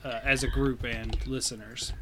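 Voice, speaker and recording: A man's voice: mid-range voice, moderate pace, a crowd in the background. A man running a tabletop game as game master, explaining loosely with many fillers. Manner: relaxed, filler-heavy explaining.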